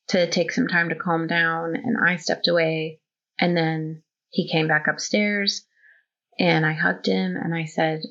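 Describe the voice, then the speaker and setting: A woman's voice: low-pitched, gravelly, a bit bright. A woman guest on a podcast, in her thirties or forties, talking openly and telling stories, with many fillers. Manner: open, storytelling, full of fillers. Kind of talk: casual conversation. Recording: dull lo-fi audio.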